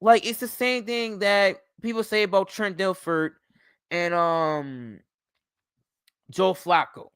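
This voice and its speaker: A man hosting a late-night livestream, tired but still ranting in a rambling, profane flow. His voice is bright, clean and crisp, and it sits a little high for a man. He talks in a slow, unhurried drawl. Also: no echo, studio quality. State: sleepy. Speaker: livestream host.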